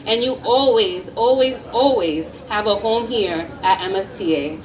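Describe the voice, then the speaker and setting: A school principal gives a heartfelt, encouraging graduation speech at an outdoor ceremony, often laughing. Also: female voice, mid-range voice, unhurried. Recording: distant mic with faint background noise.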